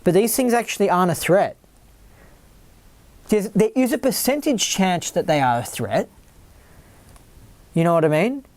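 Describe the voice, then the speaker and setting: A podcast host talking in a casual, rambling monologue, full of "like" and repeated words, sometimes putting on a higher, worried voice to mimic others. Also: sing-song, normal speed, long pauses, darkish tone, dry recording.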